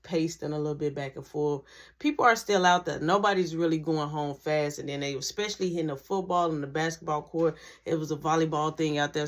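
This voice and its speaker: A woman telling a school story in a slangy, animated storytime style, acting out the dialogue. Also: deep voice. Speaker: vlogger. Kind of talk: storytime narration.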